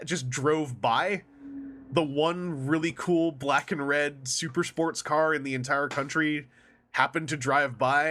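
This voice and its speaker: A man with a slightly higher voice talks casually on a podcast roundtable. He is animated and often acts out quoted lines in exaggerated voices. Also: a little hiss or hum. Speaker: podcast panelist.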